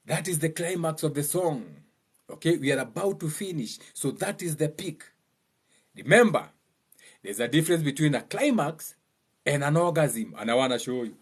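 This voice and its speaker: A young Kenyan man giving a mocking, joking monologue, laughing at his own lines and slipping into high mimicking voices. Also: lively intonation, normal speed, slightly rough. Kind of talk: humorous monologue.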